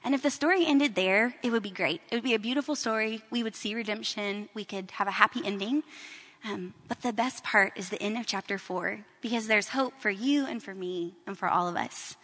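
A woman's voice: mid-range voice, fairly quick, a bit bright, long reverb tail. A woman teaching a Bible story in a casual, conversational storytelling way, with everyday fillers.

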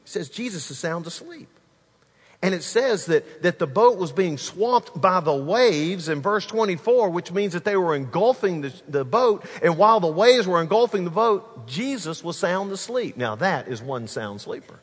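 Male pastor delivering an animated sermon, husky tone, big reverberant hall. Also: high voice, moderate pace. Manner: animated preaching, addresses the congregation directly.

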